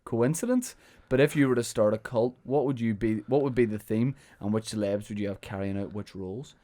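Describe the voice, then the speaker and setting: A young man with a Northern Irish accent hosting a casual podcast, telling rambling anecdotes with deadpan asides. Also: lowish voice, fairly quick, dry recording. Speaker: podcast host. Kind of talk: casual chat.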